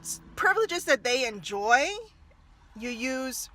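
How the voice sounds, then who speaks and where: A woman talking casually to camera as a mother and former early childhood teacher, animated and laughing often as she acts out little scenes. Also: high voice, slow pace. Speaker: mother giving parenting tips. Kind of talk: casual advice vlog to camera.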